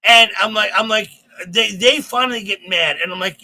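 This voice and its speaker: High bright rambling comic storyteller man. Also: moderate pace, rough recording. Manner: rambling, profane, animated. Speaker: comedian podcast co-host. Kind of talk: casual comedic storytelling.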